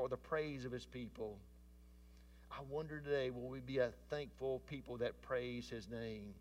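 Male preacher giving a sermon, gets loud then goes quiet, mic pretty far off. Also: mid-range voice, steady tone, normal speed. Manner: rising to emphatic declarations, then dropping to hushed tones.

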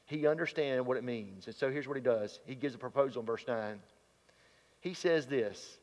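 A man's voice: mid-range voice, moderate pace, darkish tone. A man preaching a sermon in a folksy, plain-spoken way, reading scripture aloud. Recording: dull sound, long hall reverb.

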